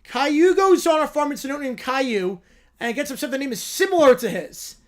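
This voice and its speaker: A high-pitched man hosting a loose, chatty livestream. He reads viewer prompts aloud and breaks in with amused, sarcastic asides. His delivery is casual and quick-witted. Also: animated. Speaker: livestream host. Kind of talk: casual livestream reaction chat.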